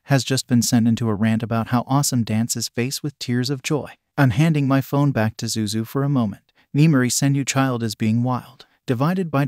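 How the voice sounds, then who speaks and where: A man reading a fan story aloud in an even, unvarying way, voicing emoji and symbols as words. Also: medium pitch, dry recording, studio quality. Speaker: narrator.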